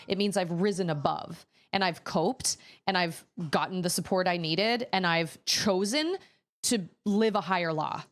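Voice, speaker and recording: Woman, 30s, streamer, low-ish voice, rambling exasperated storyteller. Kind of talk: casual chat while gaming.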